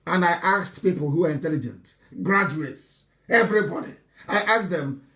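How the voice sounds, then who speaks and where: A man giving a live broadcast address to his followers, impassioned and mocking, now and then shouting and breaking into laughter, often stumbling and repeating words. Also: fairly high pitch, animated, normal speed. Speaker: movement leader addressing followers.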